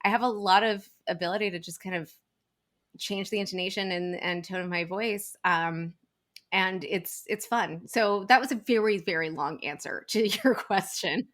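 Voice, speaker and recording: A woman's voice: medium pitch, moderate pace, a bit bright. A woman from Texas, a voice actor, chatting at length in a casual interview, with many restarts. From Texas, El Paso.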